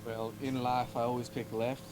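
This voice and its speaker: A man's voice: mid-range voice, little pitch movement, moderate pace. A man playing a tabletop game, speaking in a dry, bargaining manner. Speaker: player.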